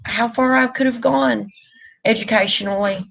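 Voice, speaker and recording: A woman's voice: fairly high pitch, fairly even intonation, normal speed, creaky, a bit bright, poor audio. A middle-aged woman, talking openly and emotionally in a rambling live stream chat. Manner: candid, emotional, rambling with restarts. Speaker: vlogger.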